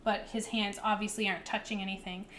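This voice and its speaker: A woman's voice: mid-range voice, flat delivery, fast talker, a bit bright, slight background noise. A young woman narrating a tabletop game as game master in a casual way, full of fillers.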